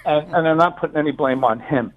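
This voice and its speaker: A man's voice: fairly high pitch, quick pace, phone-quality sound. An older retired police officer from New City, phoning in to tell stories in a chatty way, repeating words as he goes. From New York City. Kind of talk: phone-in storytelling.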